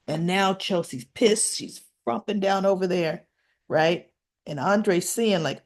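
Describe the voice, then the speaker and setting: A woman's voice: on the low side, slow pace. A woman chatting through a casual recap of a soap opera episode, tossing in tag questions and acting out what the characters said. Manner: retells scenes by acting out quoted lines.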